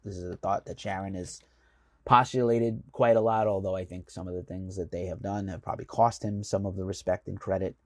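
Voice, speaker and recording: A man from the United States tells a casual, rambling story, filling it with ums and likes. His low voice is gravelly and a bit husky. The sound is close and dry, with no room around it. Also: little pitch movement, brisk, a little mellow, dry recording. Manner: rambling, filler-heavy, enthusiastic. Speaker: magazine chief editor hosting the show.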